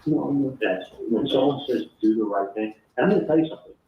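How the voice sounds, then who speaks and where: A man's voice: mid-range voice, animated, brisk. A man rambling in a recorded conversation, repeating himself with lots of fillers. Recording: tinny distant phone tap, roomy, faint hiss.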